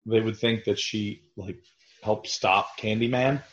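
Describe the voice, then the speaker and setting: A man co-hosts a podcast, crudely and casually commenting on a movie, laughing and animatedly acting out quotes. His voice is fairly low and a little slow, and the podcast audio is roomy, dull, and lo-fi.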